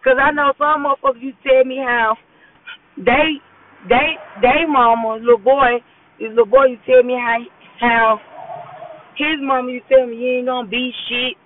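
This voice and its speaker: On her drive to work, a female podcast host delivers a blunt, profane motivational talk, often asking "you know what I'm saying." Her voice sits high with fairly even intonation, a normal pace, and long pauses, recorded on a phone with tinny voice-message quality.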